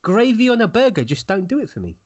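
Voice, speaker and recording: Fast, lively man chatting. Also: high voice, slightly rough, muffled recording. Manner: hesitant restarts, quick chatter. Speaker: podcast co-host. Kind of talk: casual chat.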